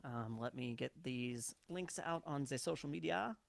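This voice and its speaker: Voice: mid-range voice, a little slow, gravelly, a little hiss or hum. A casual host talks through setting up a livestream, practical and a little distracted. The voice sits in the middle range. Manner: busy, practical, narrating setup tasks. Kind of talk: casual chat.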